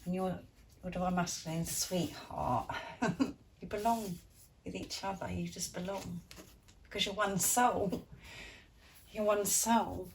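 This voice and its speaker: A woman's voice: fairly low pitch, fairly even intonation, takes it slowly, long pauses, slight background noise. A woman giving a tarot reading to viewers, gushing and encouraging, often laughing and talking straight to them. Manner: addresses viewers directly as guys. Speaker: tarot reader.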